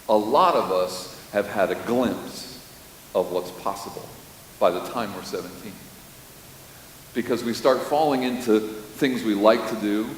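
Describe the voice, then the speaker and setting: Preaching man in an echoing hall. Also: mid-range voice. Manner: storytelling, animated, with sudden loud bursts. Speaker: pastor. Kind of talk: sermon. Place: church sanctuary. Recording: roomy hall reverb with faint hiss.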